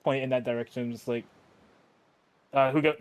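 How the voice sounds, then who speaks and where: A man's voice: medium pitch, steady tone, normal speed, smooth. A man playing a tabletop game on a call, joking, swearing casually and laughing often. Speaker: player.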